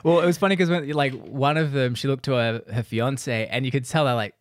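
Australian male podcast host, easygoing chat, laughs a lot, mid pitch. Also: steady tone. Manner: laughs often, tells stories in quick bursts. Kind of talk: casual chat.

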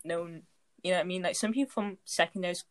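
A young woman in casual chat, relaxed and full of fillers. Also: on the low side, rapid-fire. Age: young adult.

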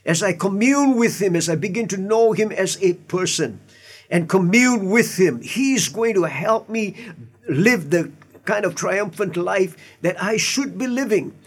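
A man's voice: high voice, expressive, measured pace, husky. A man, a pastor, preaching an earnest sermon with emphatic asides and repeated words. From Indian heritage.

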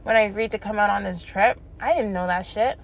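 A woman's voice: mid-range voice, a little fast, creaky. A young woman telling a story in a blunt, profane casual rant, laughing between lines. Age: young adult. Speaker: vlogger.

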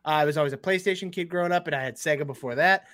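A man guesting on a podcast, talking casually about streaming and games in a relaxed, rambling way. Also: fairly high pitch, racing. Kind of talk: casual chat.

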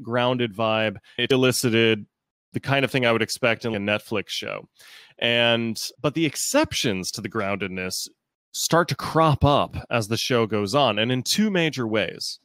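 A man co-hosting a casual podcast, thinking aloud in an animated way with quoted asides. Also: medium pitch, dry recording. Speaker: podcast co-host.

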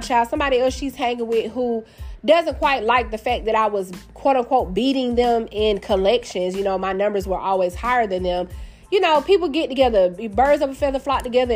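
A woman, hosting a podcast and telling a story in a candid, sassy, chatty way. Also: medium pitch. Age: 30s. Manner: candid and sassy, addresses listeners as y'all and baby. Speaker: podcast host. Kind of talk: casual storytelling monologue. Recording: faint music in the background.

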